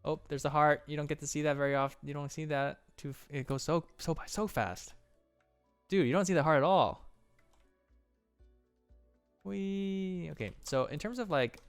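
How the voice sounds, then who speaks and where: A man's voice: medium pitch, clear, resonant tone, dry recording. A man casually breaking down animation on a stream, enthusiastic with playful exclamations.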